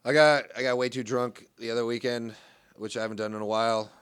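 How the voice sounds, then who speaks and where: A man's voice: medium pitch, little pitch movement, quick pace, fairly bright tone, clean tone. A young man telling a profane, rambling comic story in an exasperated ranting manner. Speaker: comedian. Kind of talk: comedic monologue.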